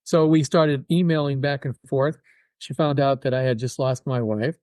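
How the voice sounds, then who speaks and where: An older man talking as a guest in an interview, telling personal stories with an animated delivery and acting out other people's words. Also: medium pitch, moderate pace, dry recording. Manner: animated, acts out quoted voices. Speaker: guest musician. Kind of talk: casual interview storytelling.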